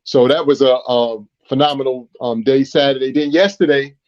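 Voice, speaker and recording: A man co-hosting a casual radio talk show, animated and storytelling. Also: mid-range voice, moderate pace. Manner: animated, storytelling, quotes film lines loudly. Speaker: radio co-host. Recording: dull lo-fi radio audio.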